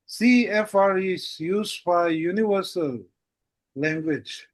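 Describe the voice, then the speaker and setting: A man teaches a language lesson, his voice sitting high and his pace unhurried. He keeps coming back to the same little phrases as he explains. The sound is dry and close. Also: no echo. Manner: repeats "that's it" and "how goes it". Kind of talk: casual online language lesson.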